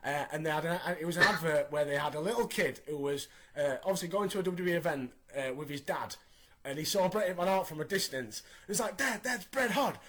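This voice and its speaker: A man in his thirties hosting a casual podcast, recapping in an animated, opinionated way. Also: on the high side, brisk, a little hiss or hum. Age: 30s. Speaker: podcast host.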